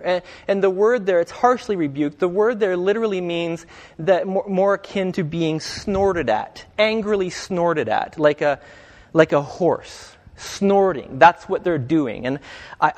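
A man preaches in a relaxed, conversational way and keeps drawing his listeners in with questions. His voice sits a little high for a man. The sound carries a long reverb tail from a large church space. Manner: conversational, asks the congregation questions. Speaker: pastor. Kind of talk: interactive sermon.

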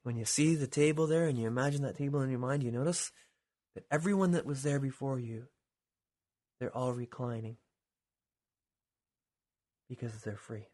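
A man preaching a sermon with a husky voice, dropping to quiet lines and then rising to loud, dramatic calls. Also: mid-range voice, normal speed, long pauses. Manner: dramatic, swings from hushed to shouting.

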